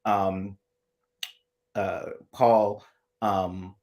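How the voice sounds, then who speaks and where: Guy with a lowish voice rambling through a chill chat show, lots of restarts and side tangents. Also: level tone, drawn-out words, darkish tone. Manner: rambling, analytical, many restarts. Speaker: co-host. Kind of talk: casual chat.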